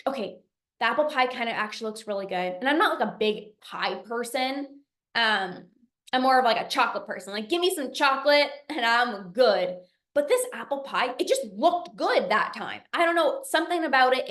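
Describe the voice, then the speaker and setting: A woman's voice: high-pitched, fairly bright tone, roomy sound. A young adult woman coaching in a masterclass, telling a story emphatically and acting out her own inner voice. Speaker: binge eating coach.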